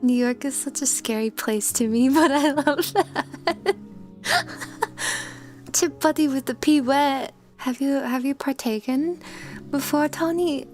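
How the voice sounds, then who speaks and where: A woman's voice: sits high, a little mellow. A woman VTuber streamer in casual livestream chat, giggly and greeting her chatters by name.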